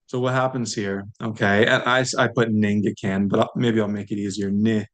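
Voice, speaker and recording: A man's voice: on the low side, flat delivery, moderate pace. A man teaching a language lesson, saying each word aloud and repeating it patiently for learners.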